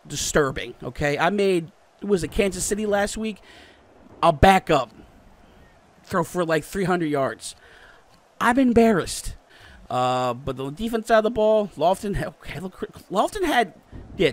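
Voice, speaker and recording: A young man commentating his own football video game, calling plays in casual slang and breaking into shouts and yelps at the big moments. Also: sits high. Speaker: gaming YouTuber. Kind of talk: excitable play-by-play gaming commentary. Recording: music playing behind.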